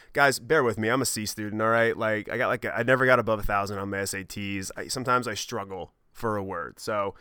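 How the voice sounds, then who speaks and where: A man's voice: lowish voice, bright, forceful tone, clear, resonant tone, dry recording, studio quality. A young man hosting a podcast, telling a story from his childhood in a rambling, self-deprecating way, with lots of fillers, sidetracks and casual swearing. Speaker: podcast host.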